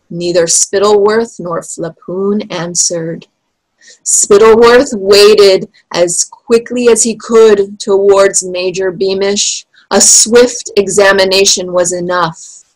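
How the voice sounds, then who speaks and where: Brief: unhurried female storyteller from Panama, expressive read-aloud of a children's chapter book. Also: medium pitch, low-quality recording. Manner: expressive, deliberate storybook reading. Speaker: storyteller, teacher.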